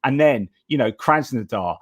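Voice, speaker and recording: A man hosting a casual live-stream conversation, talking hesitantly with frequent pauses and restarts. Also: medium pitch, animated, no room sound, clean studio sound. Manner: hesitant, many fillers and restarts. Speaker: host.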